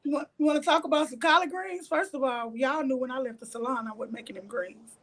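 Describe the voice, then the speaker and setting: A woman with a high voice talks briskly as an interview guest, a reality show cast member telling a candid story. She's animated, blunt and profane, acting out what other people said.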